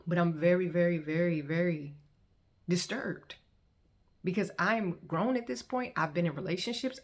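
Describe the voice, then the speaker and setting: A woman tells her personal testimony. Her voice sits low with a gravelly, fry-edged texture. She talks conversationally and gets animated when she quotes other people. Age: 30s. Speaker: testimony vlogger.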